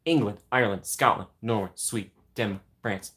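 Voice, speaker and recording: A man's voice: on the low side, fairly quick, few pauses, sharp tone. A man hosting a casual livestream, chatting and answering viewer comments. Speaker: livestream host.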